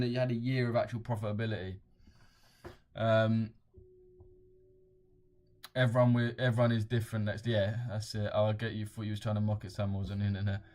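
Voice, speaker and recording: A mid-range, darkish voice belongs to a young man running a casual trading livestream. He swears freely, talks bluntly in slang, and chuckles as he reads out viewer comments.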